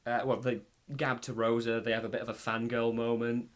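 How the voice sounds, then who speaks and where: A man's voice: mid-range voice, monotone, fairly quick. A young man with an ordinary mid-range voice chatting casually on a podcast. He agrees often and trails off mid-sentence. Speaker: podcast co-host. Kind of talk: casual chat.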